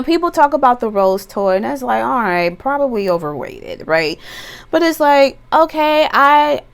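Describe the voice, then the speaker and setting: A woman's voice: mid-range voice, lively intonation, normal speed, smooth. A woman giving a casual pick-a-card tarot reading, chatty and playful, with bawdy jokes and bursts of laughter. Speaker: tarot reader.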